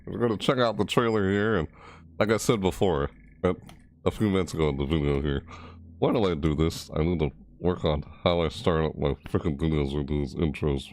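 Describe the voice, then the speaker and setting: A man casually rambling through a game overview and reaction, mumbling and restarting phrases as he corrects himself. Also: darkish tone. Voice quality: low mumbling delivery. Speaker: gaming video creator.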